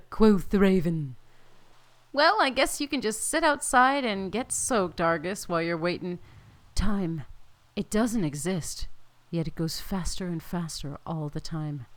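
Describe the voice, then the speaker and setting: A young woman casually commenting on her own gameplay, chatting to her sims, reading the game text aloud and laughing often. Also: fairly low pitch. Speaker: let's play host.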